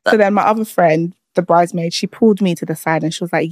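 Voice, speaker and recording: A young British woman tells her story in a relaxed, animated way on a podcast, slipping into the voices of the people she quotes. Her voice sits fairly low, and the sound is close and dry. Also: quick pace, few pauses, no room sound. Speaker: podcast guest, former bride. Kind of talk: casual storytelling chat.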